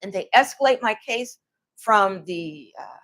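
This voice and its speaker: A woman recounting her own hard experiences in a personal, emotional way, with halting restarts. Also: medium pitch, animated, a bit bright. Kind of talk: personal account to camera.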